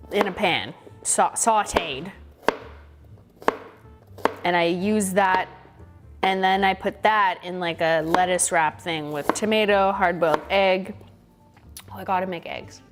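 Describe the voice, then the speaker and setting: A woman's voice: fairly low pitch, slow, pauses often, music in the background. A woman hosting a casual cooking livestream, chatty and giggly, swearing offhandedly as she chops vegetables. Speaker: livestream host.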